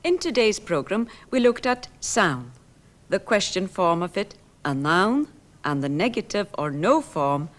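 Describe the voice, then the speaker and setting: A woman explaining grammar in a lesson, slowly and carefully, repeating her example phrases. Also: medium pitch, expressive. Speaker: language teacher.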